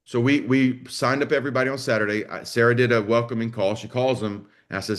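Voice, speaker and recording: A man's voice: mid-range voice, fast talker, few pauses. A man coaching a live online session for school owners, blunt and salty, often acting out both sides of a conversation. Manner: blunt, salty, energetic, acts out dialogue. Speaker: business coach for martial arts school owners.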